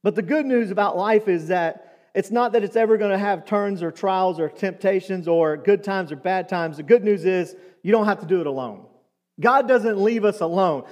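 A man's voice: high voice, darkish tone, long reverb tail. A man preaching a sermon, telling stories and asking asides of the congregation in a church. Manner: storytelling, conversational with asides to the congregation. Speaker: pastor. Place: church sanctuary.

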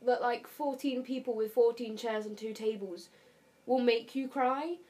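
A woman chatting enthusiastically as a podcast co-host, with quick quips. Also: on the high side, fairly even intonation, darkish tone. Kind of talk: casual chat.

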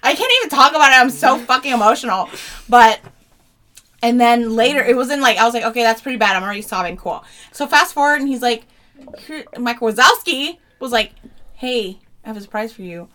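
A young woman co-hosting a casual podcast, telling stories in an animated way and swearing a lot. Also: fairly high pitch, brisk. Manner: animated storytelling, heavy swearing. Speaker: podcast co-host. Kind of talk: casual chat.

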